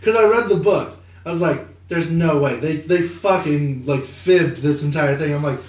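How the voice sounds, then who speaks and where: A man co-hosting a podcast, chatting casually about movie news, animated and profane, with lots of filler words. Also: a little high, normal speed. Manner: swearing, animated, many "like" fillers. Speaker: podcast co-host. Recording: echoey room.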